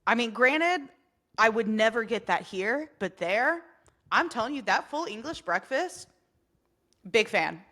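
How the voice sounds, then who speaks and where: A woman's voice: fairly high pitch, expressive, unhurried, sharp tone. A young woman co-hosting a podcast, chatting casually in a playful, teasing way. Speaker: podcast co-host. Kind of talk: casual chat. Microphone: podcast mic with touch mute button.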